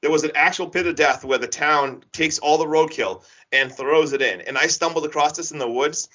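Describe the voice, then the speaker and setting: A man casually retelling a horror film's plot on a podcast, rambling and animated with lots of filler words. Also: fairly high pitch, brisk. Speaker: podcast co-host recapping a horror film. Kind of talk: casual chat. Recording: dull lo-fi podcast audio.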